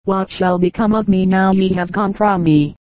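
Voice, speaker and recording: A woman's voice: mid-range voice, steady tone, moderate pace, a little mellow, no echo, natural voice. A woman reading a grieving, loyal knight. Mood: plaintive.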